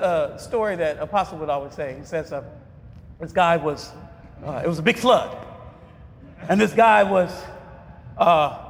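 A man preaching a sermon, asking the congregation to finish his lines and breaking into shouts. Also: very high voice. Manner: call-and-response questions, bursts of shouting. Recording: long reverb of a large hall.

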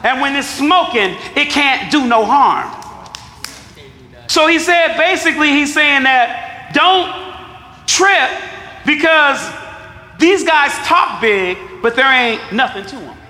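A male pastor preaching a sermon. He reads scripture, asks the congregation to answer back, and explains it in casual slang, sometimes shouting. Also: extremely high pitch, lively intonation, takes it slowly, pauses often. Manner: call-and-response preaching, shouting at peaks. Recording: echoey hall with long reverb.

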